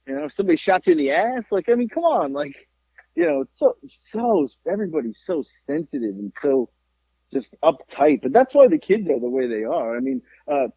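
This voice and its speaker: Middle-aged guy swearing through a story, kinda high voice, lo-fi dry podcast sound. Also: fairly quick, vocal fry, slightly rough, dry recording. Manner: profane, animated storytelling. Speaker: podcast co-host. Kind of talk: casual chat. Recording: dull lo-fi podcast audio.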